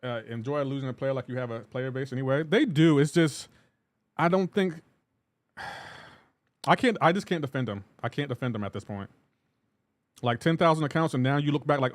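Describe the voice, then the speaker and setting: A man's voice: on the high side, expressive, normal speed, pauses often, dry recording. A man streaming a game live, ranting in an exasperated way and repeating himself while reacting to chat.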